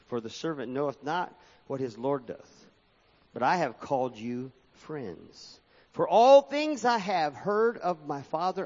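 A man's voice: on the high side, darkish tone. Man preaching in a long-echo hall. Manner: sing-song preaching cadence, rising and falling sharply, reading scripture aloud. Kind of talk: sermon. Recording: dull lo-fi sound with long hall reverb.

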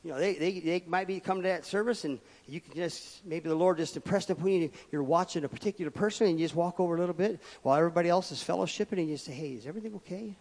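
A man delivers a sermon in a slightly high voice, surging to loud emphasis and falling to murmured asides. His words ring out with the long reverb of a church hall. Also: rapid-fire, few pauses. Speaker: pastor. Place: church sanctuary.

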